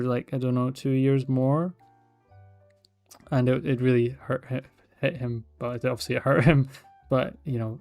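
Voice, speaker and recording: A young Scottish man talking to viewers on a livestream, loose and rambling, tripping over and restarting his sentences. His pitch sits at an ordinary middle height. Quiet music plays faintly in the background. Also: clear, resonant tone, no room sound. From Scotland. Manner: rambling, chatty, restarts a lot. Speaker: artist livestreaming. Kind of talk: casual livestream chat.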